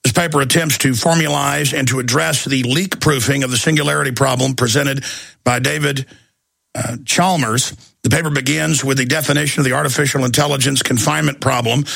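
A man's voice: medium pitch, steady tone, fairly quick, creaky, fairly bright tone, dry recording. A man hosting a talk radio show, delivering an intense, combative monologue.

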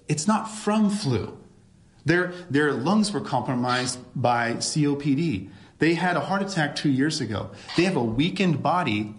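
A man's voice: a little high, expressive, normal speed. Emphatic middle-aged man, echoey room. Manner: emphatic, rhetorical questions. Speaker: ER doctor.

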